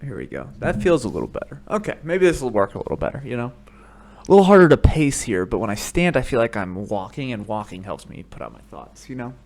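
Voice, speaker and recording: An American man hosting a podcast, telling rambling comedic stories full of swearing that break into shouted rants, speaking into a studio microphone. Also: mid-range voice, sing-song, quick pace, vocal fry, slight background noise. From United States. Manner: profane, rambling storytelling that bursts into shouted rants. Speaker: podcast host. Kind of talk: solo comedic monologue.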